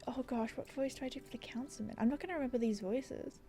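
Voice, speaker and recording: A woman's voice: high-pitched, quick pace, warm tone, faint music behind. A young Australian woman in her twenties, giving casual, self-deprecating gameplay commentary into a desk microphone in her apartment, laughing often. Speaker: gaming YouTuber. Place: apartment room.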